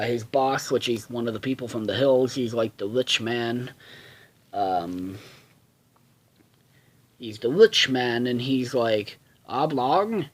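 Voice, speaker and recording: A man casually reviewing a cartoon episode, swearing a lot and rambling with many fillers and restarts. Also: mid-range voice.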